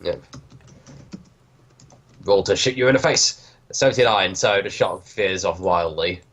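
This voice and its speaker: A man's voice: low-pitched, a little slow, fairly bright tone. A man running a tabletop game as game master, thinking aloud hesitantly while he checks the rules.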